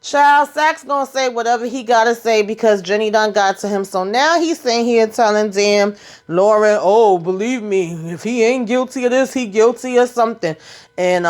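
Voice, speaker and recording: A woman hosting a casual TV episode recap, telling it in a chatty, slangy way and acting out what the characters say. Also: medium pitch. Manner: chatty, slangy storytelling that acts out the characters' lines. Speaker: TV recap channel host.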